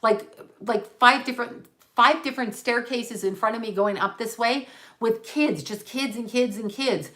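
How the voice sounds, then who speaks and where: A woman's voice: a little high, normal speed, a bit bright. Woman rambling through a psychic reading. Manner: rambling, self-correcting, emphatic repetition. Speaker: psychic medium. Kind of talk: livestream channeling talk.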